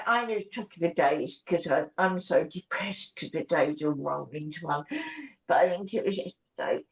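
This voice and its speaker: A woman on a live panel, upset and tearful, talking haltingly with many ums and restarts. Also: fairly low pitch, darkish tone, muffled recording. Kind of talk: emotional casual chat.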